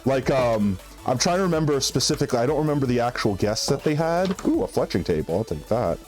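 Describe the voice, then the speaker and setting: A man's voice: mid-range voice, big pitch swings, darkish tone. Guy streaming a game, rambling and chatty, bit of music in the back. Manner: chatty, rambling, quick asides. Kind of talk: casual gaming chat.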